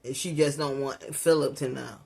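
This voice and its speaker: A man's voice: mid-range voice, steady tone, normal speed, gravelly, a little mellow, slightly rough. A man hosting a reaction video, talking casually to his viewers and mocking the clip he is reacting to. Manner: mocking, laughs at the clip, addresses viewers as y'all. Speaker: reaction channel host. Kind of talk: reaction commentary.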